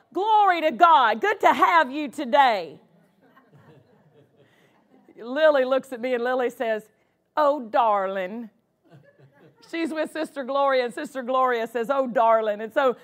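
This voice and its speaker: Woman pastor, high voice, unhurried sermon delivery, church sanctuary. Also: a bit bright. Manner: preaching with repeated exclamations of praise.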